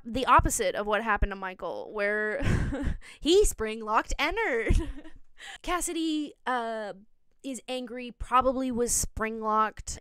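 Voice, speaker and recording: Young woman, casual explainer, rambling and jokey, slightly high voice, phone recording. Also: a bit bright, clear, resonant tone, dry recording. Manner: rambling, self-correcting, jokey asides. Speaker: video essay host.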